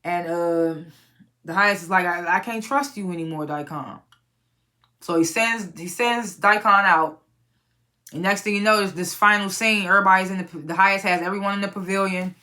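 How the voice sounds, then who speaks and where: A woman's voice: mid-range voice, bright, forceful tone. Blunt, profane woman recapping a TV episode. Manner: blunt and profane, retells scenes by acting out characters' lines. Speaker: TV review channel host. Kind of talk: casual spoken episode recap and review.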